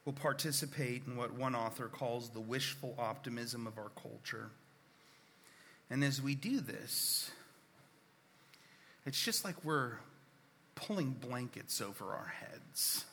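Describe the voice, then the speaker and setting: A man preaching a sermon as a pastor, unhurried and earnest, sometimes sinking to a near whisper. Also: mid-range voice, a bit bright, big-room sound, a little hiss or hum. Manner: unhurried, earnest, drops to a near whisper when reading scripture.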